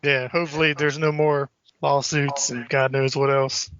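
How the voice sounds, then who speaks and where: A man's voice: medium pitch, little pitch movement, normal speed, fairly bright tone, dull audio. A man co-hosting a podcast, loosely retelling film scenes in casual chat and swearing freely. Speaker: podcast co-host.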